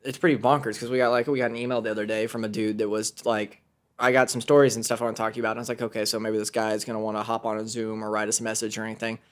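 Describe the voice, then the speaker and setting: A man hosting a podcast in casual chat, telling stories excitedly, laughing and swearing as he goes. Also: on the low side, rapid-fire. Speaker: podcast host.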